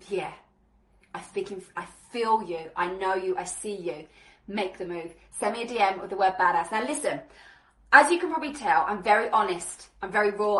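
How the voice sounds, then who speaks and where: Young adult woman podcast coach, fired-up and punchy, bright higher voice, echoey room. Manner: energetic, hyped, swears mildly, repeats "boom". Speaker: business coach and podcast host. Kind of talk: motivational podcast monologue.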